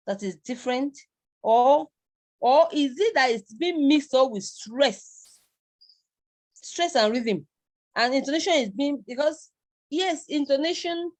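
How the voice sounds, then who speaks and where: A woman's voice: a little high, darkish tone. A middle-aged woman with a Nigerian accent, giving a live online university lecture in a rambling way, repeating words and chuckling.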